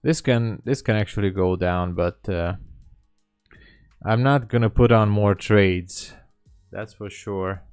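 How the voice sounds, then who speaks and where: A man talking slowly and thinking aloud while day trading on a live stream, often apologizing for small mistakes. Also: fairly low pitch, a little mellow, clean tone, no room sound, faint music behind. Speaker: livestream day trader.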